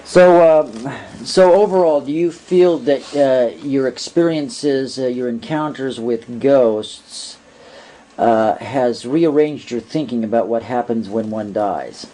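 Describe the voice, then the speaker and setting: Man, interviewer, slow, dark mellow voice, faint noise. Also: medium pitch, low-quality recording. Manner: hesitant, uses filler "uh". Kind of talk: interview questions.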